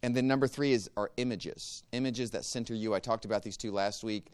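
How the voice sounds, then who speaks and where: Calm, smooth-voiced man teaching prayer. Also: fairly low pitch. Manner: calm, measured, gives step-by-step instructions. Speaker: church teacher leading a meditation class. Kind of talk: teaching a guided prayer practice.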